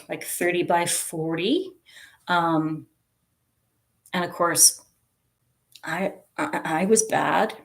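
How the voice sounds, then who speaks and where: A middle-aged woman hosts a relaxed live chat, talking slowly and taking her time between thoughts. Her voice sits a little low for a woman, and she giggles easily while reading out viewers' messages. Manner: chatty, giggly, reads viewer comments aloud. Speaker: livestream host.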